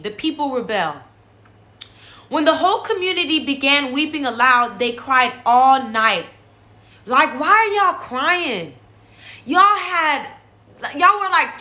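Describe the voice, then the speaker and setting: A young woman hosting a casual Bible devotion, talking straight to her viewers in an animated, chatty way. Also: fairly high pitch, a little hiss or hum. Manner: animated, talks to viewers as "y'all". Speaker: devotional host.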